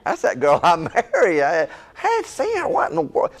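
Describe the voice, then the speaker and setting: Brief: man doing a lovestruck king, offhand and breezy, lively pitch. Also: normal speed, heavily acted. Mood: smitten. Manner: casual, offhand. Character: smitten, easygoing ancient king, man.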